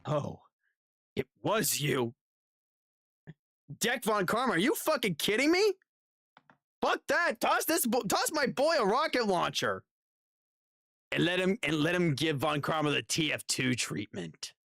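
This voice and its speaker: A streamer giving excitable, joking, profane live commentary while playing a game, over loud game music. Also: mid-range voice, a little slow, creaky, pauses often, no room sound.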